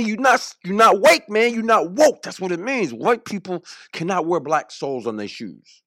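A man playing an angry, excitable man who shouts and says things over and over. The voice sits high and jumps all over the place. The sound is dry and close. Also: dry recording, full character voice. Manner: shouting, repeating himself. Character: agitated indignant man, loud and excitable.

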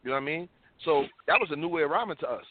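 Animated New man, tinny line. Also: fairly high pitch, racing, background noise. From New York. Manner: animated storytelling with slang. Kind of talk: casual discussion. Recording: tinny phone-like sound, dry.

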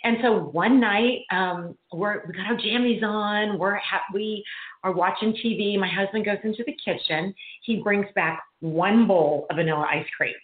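A woman's voice: medium pitch, normal speed. A middle-aged woman, a guest speaker, telling a story in casual chat, acting out the quotes with laughs. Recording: tinny phone line, echoey room.

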